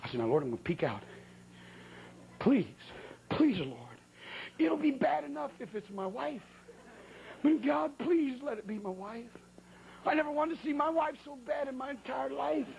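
A man preaching a sermon, telling a comic story with folksy, animated, exaggerated delivery. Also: extremely high pitch, moderate pace, creaky, muffled recording, a little hiss or hum.

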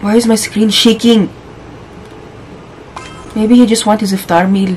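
A woman's voice: mid-range voice, steady tone, measured pace, long pauses, darkish tone, a little hiss or hum, poor audio. A young woman playing a horror game, talking casually through it and shrieking when startled. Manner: jumpy, shrieks and exclaims when scared. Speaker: gaming YouTuber. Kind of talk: horror game let's play commentary.

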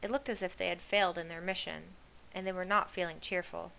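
Bright-voiced woman reading a novel aloud. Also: on the low side, fairly even intonation, a little fast, gravelly, slight background noise. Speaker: read-aloud host.

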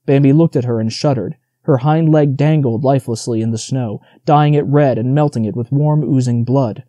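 A man reading a storybook audiobook aloud in a steady, measured narration. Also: mid-range voice, no echo, dull audio.

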